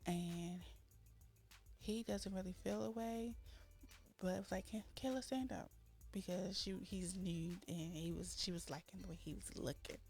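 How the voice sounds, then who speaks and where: Woman host, casual game narration, gravelly edge, faint music behind. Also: on the low side, steady tone, normal speed, a little mellow. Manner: chatty, voices her characters' lines with dramatic flair. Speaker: let's-play host.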